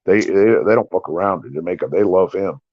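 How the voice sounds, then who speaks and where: A middle-aged man from the States talks casually as the host of a livestream, rambling and swearing freely. His voice sits low, and the sound is dry and a little dull, like lo-fi stream audio. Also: a little fast, husky, no echo. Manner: loose, profane, rambling. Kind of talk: casual chat.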